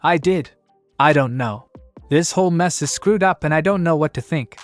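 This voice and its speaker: A man voicing a proud, fiery teen ninja girl, sharp-edged and slightly higher than his narration. It is a storybook reading with faint music behind. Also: moderate pace, natural voice. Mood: angry.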